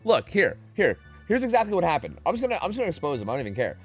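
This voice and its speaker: A young man streaming a game, talking casually and swearing often. His pitch swings widely from low mutters to high yelps, and faint music plays behind him. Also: wildly swooping pitch, very fast, husky. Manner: profane, rambling, reacts loudly to chat. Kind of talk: casual gaming stream chat.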